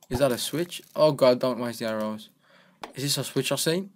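A young man playing through a game map and commenting on it in a jokey, excitable way. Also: medium pitch, normal speed. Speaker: gaming channel host. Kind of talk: let's-play commentary.

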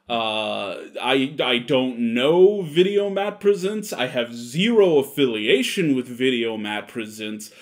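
A man hosting his own channel, talking straight to camera in a rambling, exasperated way and swearing casually. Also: medium pitch. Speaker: YouTube channel host. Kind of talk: casual direct-to-camera address.

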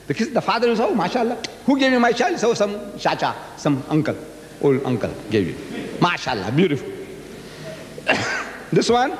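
An older man giving a public religious lecture, telling stories with animated asides and acting out dialogue. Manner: animated storytelling, acts out dialogue. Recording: echoey hall, faint rumble.

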